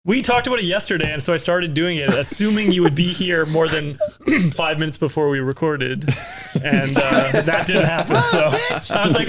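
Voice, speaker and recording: A man's voice: a little high, expressive, normal speed, over a noisy crowd. A man co-hosting a podcast in a studio, chatting casually and explaining his choices in an easygoing way. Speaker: podcast co-host.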